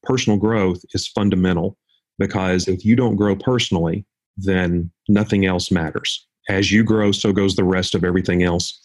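A man with a low, husky voice talks as a guest on an interview show. he is confident and animated, and he explains his points through stories, like a trainer speaking to a room. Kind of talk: conversational interview storytelling.

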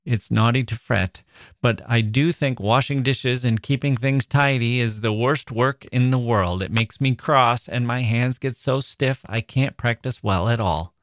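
A man reading aloud and voicing a gentle, shy teenage girl with a soft, sighing manner. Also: medium pitch, a little slow, no room sound, studio quality, lightly acted.

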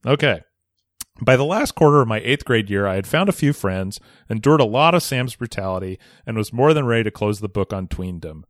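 A man co-hosting a podcast, reading a listener's letter aloud with expressive storytelling. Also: fairly low pitch, a little fast, hardly any pauses, no room sound, studio quality. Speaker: podcast co-host.

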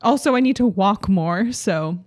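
A woman's voice: mid-range voice, lively intonation, measured pace, darkish tone, no room sound, studio quality. A woman co-hosting a podcast in casual chat, giggly and sympathetic. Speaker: podcast co-host.

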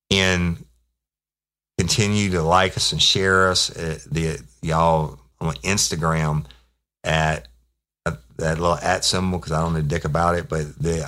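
A man's voice: extremely low pitch, fairly bright tone. A middle-aged man, a former police officer hosting a podcast and telling a story in a profane, rambling, laid-back way. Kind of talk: casual storytelling.

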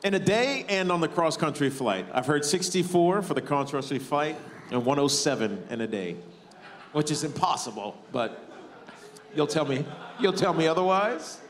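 A man's voice: fairly high pitch, animated, moderate pace, in a large hall, a little hiss or hum. A man interviewing a guest on stage, asking teasing questions.

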